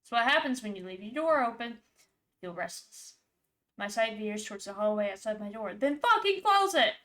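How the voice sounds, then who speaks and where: A woman's voice: medium pitch, normal speed, fairly bright tone. A woman streamer giving sarcastic, exclaiming let's-play commentary, swearing freely. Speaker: gaming streamer.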